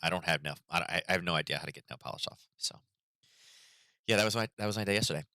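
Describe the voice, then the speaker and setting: A man's voice: low voice, racing, pushed and bright, no echo. A middle-aged man hosting a market livestream, chatting casually and rambling with lots of fillers. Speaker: market analysis host.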